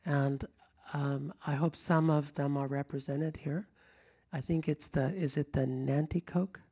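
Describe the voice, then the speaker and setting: A middle-aged man from rural Kentucky, now with a General American accent, telling stories at a public talk in a rambling, warm-hearted way with frequent restarts. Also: on the high side, steady tone, measured pace, breathy edge. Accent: General American, Kentucky accent trained out. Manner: rambling, restarts often, chuckles, moves around. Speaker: public speaker. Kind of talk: storytelling talk to an audience. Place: lecture room before a live audience.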